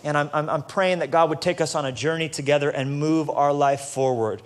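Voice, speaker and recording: A man preaching a casual, joking sermon to a church audience, building up to loud, passionate peaks. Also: on the high side, steady tone, a little fast. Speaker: pastor. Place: church stage before a live audience.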